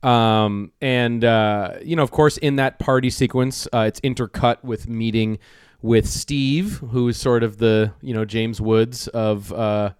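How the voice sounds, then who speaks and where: A man's voice: medium pitch, unhurried, smooth, no echo, clean studio sound. A man on a film podcast, talking animatedly and swearing casually. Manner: animated, profanity-laced, hesitant fillers.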